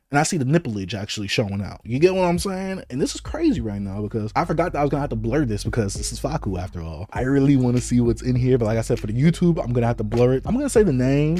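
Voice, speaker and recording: A young man unboxing manga in an excited, playful casual vlog, exclaiming and joking. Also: fairly high pitch. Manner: hyped, playful, exclamatory with laughs.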